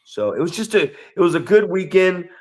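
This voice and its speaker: A man's voice: high-pitched, sing-song, normal speed, a little mellow. Man rambling through a road-trip story. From Northern California. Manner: rambling, restarts sentences, acts out quoted people. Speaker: podcast co-host. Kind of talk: casual storytelling chat.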